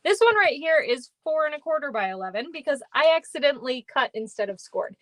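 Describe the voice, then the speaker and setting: A woman's voice: sits high, expressive, a little fast, fairly bright tone, dry recording. Chatty Minnesotan woman, giggly. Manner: chatty, upbeat, giggly, talks to viewers by name. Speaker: stamping class host. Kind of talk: live card-making demonstration.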